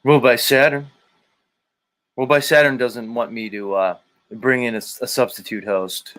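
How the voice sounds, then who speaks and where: Speaking at a moderate pace with fairly even intonation, this livestream host has a mid-range, somewhat bright voice. Between reading viewer comments out loud, he rambles, swears while joking and hums to himself.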